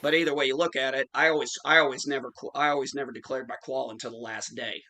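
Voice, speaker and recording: A man's voice: medium pitch, fairly even intonation, quick pace, bright, forceful tone, low-quality recording. A man in his forties telling a profane story in casual chat, acting out the quotes. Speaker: podcast host.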